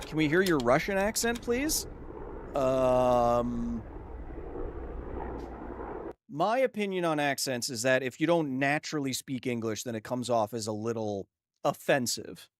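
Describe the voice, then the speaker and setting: A man's voice: mid-range voice, lively intonation, a little slow, no echo. A man streaming a video game live, yelping in surprise at enemies and explaining science at length to his chat. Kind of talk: live gameplay commentary. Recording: loud game gunfire behind voice. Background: game gunfire and ambience.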